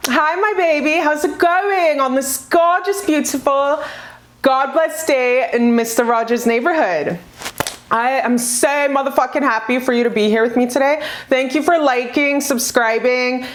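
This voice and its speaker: A woman giving a casual pick-a-card tarot reading, gushing and profane, with bursts of high excitement.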